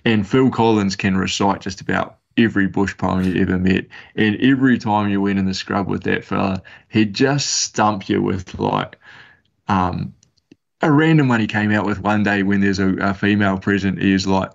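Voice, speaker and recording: Kiwi guy rambling thru a hunting yarn, low gravelly voice, kinda muffled audio. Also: fairly even intonation, normal speed. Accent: New Zealand. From New Zealand. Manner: rambling, laid-back, lots of slang and fillers. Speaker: podcast guest, bush hunter. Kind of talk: casual storytelling.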